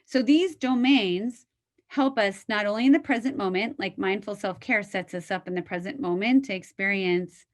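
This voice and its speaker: Middle-aged American woman, psychologist lecturing by webinar, mid-pitched, chatty and animated with fillers. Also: normal speed. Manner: animated storytelling with frequent "like" and "um", laughs.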